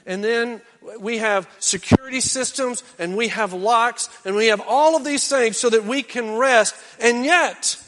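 A male pastor preaching a sermon, swinging from loud exhortation down to hushed, intense near-whispers. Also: extremely high pitch, unhurried, hardly any pauses, big-room sound.

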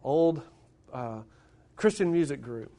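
A man's voice: a little high, expressive, takes it slowly, warm tone. A middle-aged man, preaching a sermon to his congregation, building up to emphatic points and putting questions to them. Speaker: pastor.

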